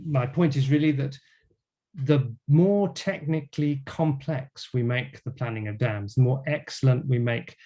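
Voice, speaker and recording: Older man lecturing, mellow voice. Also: mid-range voice. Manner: measured lecturing with frequent fillers. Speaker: guest speaker. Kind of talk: academic talk.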